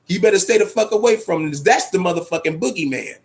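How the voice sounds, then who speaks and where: Male boxing host with a raspy, high-pitched voice; swears freely and hammers his points home. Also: fast. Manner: profane, emphatic, repeats himself. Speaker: boxing talk show host. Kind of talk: casual boxing commentary rant.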